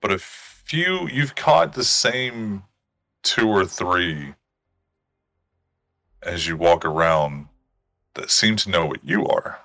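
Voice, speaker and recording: A man narrating as game master in a tabletop game, describing scenes in a measured way. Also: sits low, expressive, pushed and bright, no echo.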